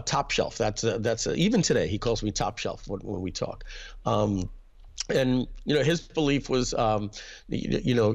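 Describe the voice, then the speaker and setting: A man being interviewed, reflectively telling family stories about his upbringing and often clearing his throat. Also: medium pitch. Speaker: interview guest, internet marketer. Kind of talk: personal storytelling in an interview.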